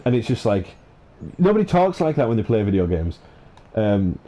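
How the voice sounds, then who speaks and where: A man's voice: lowish voice, sing-song, moderate pace, warm tone. A man hosting a gaming channel, ranting in an exasperated, sweary way, full of fillers and restarts. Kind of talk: ranting commentary over gameplay.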